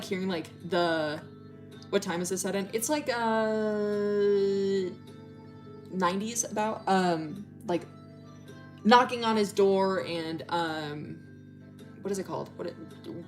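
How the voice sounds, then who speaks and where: A young woman livestreaming, casually telling a rambling story with lots of fillers and swearing. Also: on the low side. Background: faint music playing.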